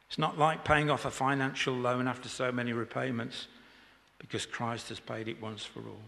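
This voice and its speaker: A man's voice: mid-range voice, level tone, moderate pace, gravelly, bright, forceful tone. A man preaching an informal sermon in church, chatty and joking with the congregation. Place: church hall. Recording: echoey church hall.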